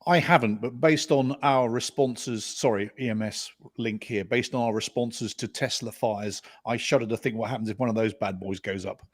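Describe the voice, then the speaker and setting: A man's voice: medium pitch, moderate pace, few pauses, no echo, clean studio sound. A man co-hosting a casual podcast, making wry jokes. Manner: joking, wry. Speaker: podcast co-host.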